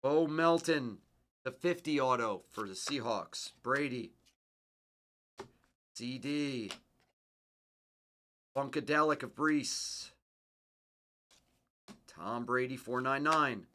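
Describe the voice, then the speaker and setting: A man hosting a card break, joking and mournful, swinging from low mutters to loud cravings. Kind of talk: casual live card-break chat.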